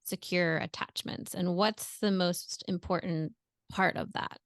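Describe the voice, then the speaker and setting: A woman's voice: lowish voice, steady tone, measured pace, no room sound, studio quality. A woman hosting an interview podcast, upbeat and leading the talk with questions. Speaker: podcast host. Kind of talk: casual interview chat.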